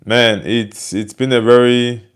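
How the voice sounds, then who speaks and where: A man's voice: medium pitch, little pitch movement, unhurried, smooth. Nigerian male host, resonant voice, casual livestream chat, reads comments and answers them. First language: Igbo. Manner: reads out viewer comments and replies chattily.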